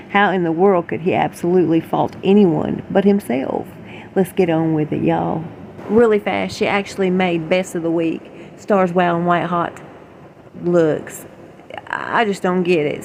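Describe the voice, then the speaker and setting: A woman's voice: lowish voice, darkish tone, slight background noise, poor audio. A woman vlogger reading gossip articles aloud and breaking off into chatty, opinionated, rambling asides.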